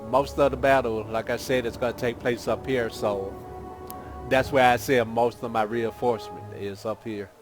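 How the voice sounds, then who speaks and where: A man's voice: mid-range voice, fairly even intonation, moderate pace. A man giving casual, rambling gameplay commentary as a gaming channel host, thinking aloud as he plays. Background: game music.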